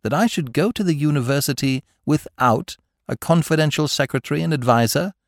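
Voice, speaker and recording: A man reading the part of a suave, airy young gentleman who talks in elaborate, formal phrases. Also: on the high side, brisk, no room sound, clean studio sound, pitched above the performer's own voice, lightly acted.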